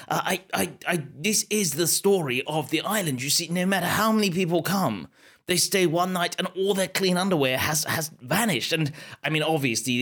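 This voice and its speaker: A man's voice: on the high side, fairly bright tone. A man hosting a podcast, improvising a comic story as a mock-serious documentary narrator, with frequent stumbles. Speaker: podcast host.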